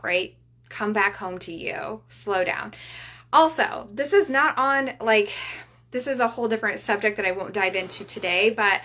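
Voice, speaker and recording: A woman's voice: mid-range voice, sharp tone. Chatty woman coach leading breathing. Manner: chatty, tags sentences with "right?"; leads slow guided breathing. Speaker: reiki coach. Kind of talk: casual motivational vlog talk.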